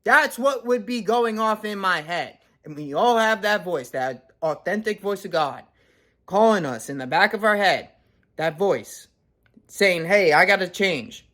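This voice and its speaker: Blunt, swearing young man ranting. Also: high voice. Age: 20s. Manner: blunt, heavy swearing, intense. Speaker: motivational vlogger. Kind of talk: profane motivational rant.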